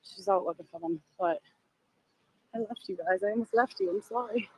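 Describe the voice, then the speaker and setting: A woman's voice: mid-range voice, normal speed, slightly rough, dry recording, low-quality recording. A middle-aged woman with a Boston accent, chatting with viewers and passersby on a phone livestream from a crowded sidewalk. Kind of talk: walking livestream chat. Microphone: handheld phone.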